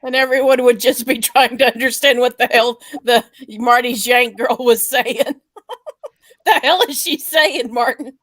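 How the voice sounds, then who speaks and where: A woman chats slowly in a high voice, teasing and laughing. The recording is dry and close. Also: fairly bright tone, no room sound. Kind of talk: casual chat.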